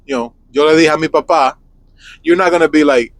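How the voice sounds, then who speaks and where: Young man, podcast co-host, teasing, laughing, higher voice, dry close sound. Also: brisk, no room sound. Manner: laughs often, explains in a joking teasing way. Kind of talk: casual chat.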